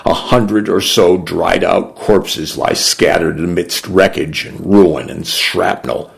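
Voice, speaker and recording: Deep, slow, gravelly male storyteller. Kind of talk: scripted first-person story narration.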